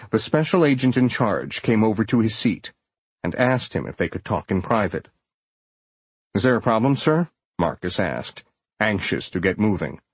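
A man narrating a thriller audiobook in a steady, dramatic storytelling manner. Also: sits low, breathy edge, dry recording.

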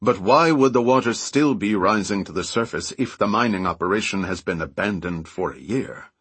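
A man's voice: on the low side, animated, normal speed, fairly bright tone, slightly rough, no echo. A man voicing a stern, guarded general. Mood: skeptical.

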